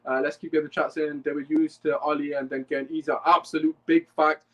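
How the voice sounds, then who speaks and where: A man's voice: a little high, little pitch movement, fast, poor audio. A young man, hosting a live fan podcast and ranting heatedly while swearing and reading chat comments. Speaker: podcast host.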